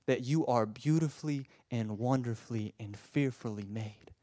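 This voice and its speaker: A man preaching a sermon with passion, moving between hushed tender passages and loud emphatic ones, often stammering and repeating words as he presses his points. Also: mid-range voice, moderate pace, dry recording, clean studio sound.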